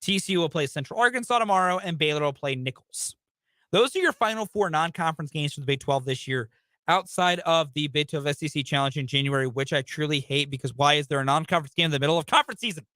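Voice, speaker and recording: A man's voice: a little high, very animated, fast, bright, forceful tone, no room sound, studio quality. A young man hosting a sports talk radio show, ranting emphatically about college basketball.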